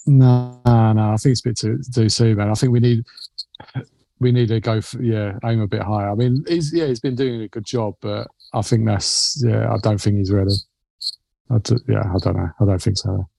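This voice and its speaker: A man's voice: lowish voice, steady tone, moderate pace, gravelly, mellow, no room sound. A man co-hosting a casual football podcast, giving hesitant, hedged opinions. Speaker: podcast co-host.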